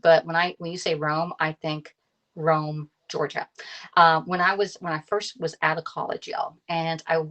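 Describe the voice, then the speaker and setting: Cooking on a live stream, a thirtysomething woman from Pennsylvania who also consults on kitchen tools chats with her viewers, laughs a lot, and greets people by name. Her voice is low-pitched and fairly bright, with a flat delivery at a moderate pace.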